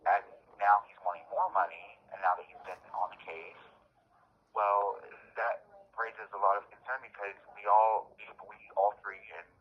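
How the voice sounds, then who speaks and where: Deep-voiced man on a muffled phone line. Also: little pitch movement, normal speed, slightly rough. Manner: earnest, emphatic, repeats and restarts phrases. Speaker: interviewee held in jail. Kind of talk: earnest phone interview.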